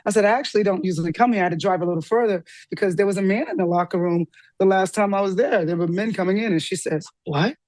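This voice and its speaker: A woman guest telling a personal story with lively energy, acting out the voices of the people in it. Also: fast talker, no echo. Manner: lively, acts out quoted dialogue with big pitch jumps. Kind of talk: animated storytelling in an interview.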